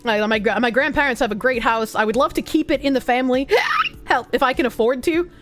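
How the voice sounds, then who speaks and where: A woman's voice: a little high, quick pace, faint music behind. A woman, streaming and chatting casually as she reads out donations, swearing freely and gasping now and then. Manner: lively, swears casually, gasps and sings snippets. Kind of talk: casual livestream chat reading donations.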